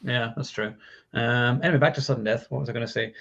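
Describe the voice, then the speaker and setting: A man's voice: medium pitch, quick pace, vocal fry, a bit bright, dull audio. A man hosting a casual movie chat, talking in long runs with many fillers and restarts. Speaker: podcast host.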